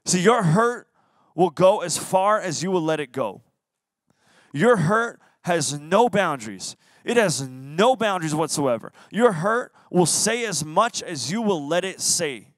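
A young man preaches to a youth group with a high voice. The sound is dry and close to the mic. He keeps it playful and acts out quotes as he goes. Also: expressive, a little slow, no room sound. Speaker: youth pastor. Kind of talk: youth sermon. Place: church youth service.

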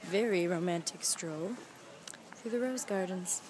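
A young woman chatting excitedly in a casual travel vlog, filmed on a handheld camera outdoors in busy city streets. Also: on the high side, moderate pace. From United States. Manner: excitable, gushing, giggly fan chatter. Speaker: travel vlogger. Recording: loud outdoor crowd and street noise.

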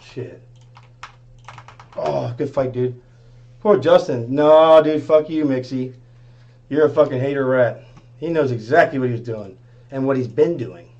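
A man's voice: medium pitch, measured pace, pauses often, darkish tone, dull audio. A man livestreaming, trading brash, profane taunts and repeating his jabs. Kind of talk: heated livestream argument.

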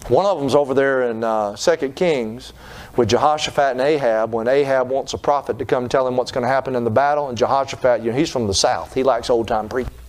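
A man's voice: mid-range voice, a little fast. A man preaching a sermon, retelling scripture in folksy terms and putting on voices for its people. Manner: folksy storytelling, acting out the people in his stories. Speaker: pastor.

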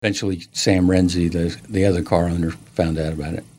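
A man with a low, husky voice recounts a story for an interviewer. He talks in an animated way, jumping into the voices of the people in his tale. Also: brisk. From United States. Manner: animated, acts out quoted dialogue. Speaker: interview guest.

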